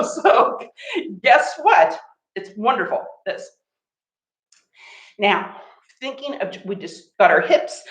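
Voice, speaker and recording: A woman's voice: mid-range voice, fairly bright tone. A woman leading a live laughter yoga session, laughing often and chanting playfully. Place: home art studio.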